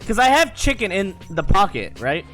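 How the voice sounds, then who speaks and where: A young man spins a casual story in a high, bright voice that swings widely up and down. He talks in an animated, profane way and often breaks into laughter. Faint music plays behind him. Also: normal speed. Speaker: gamer telling stories.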